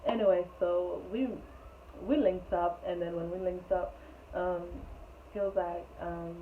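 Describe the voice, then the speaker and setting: Animated rambling woman, tinny phone sound. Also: fairly low pitch, measured pace, a little hiss or hum. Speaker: vlogger. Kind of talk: storytime vlog.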